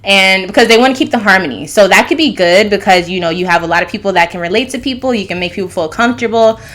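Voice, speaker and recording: This woman hosts her own astrology channel, speaking fast in a medium-pitched, fairly bright voice. She wanders casually from one thought to another in a monologue marked by fillers and restarts.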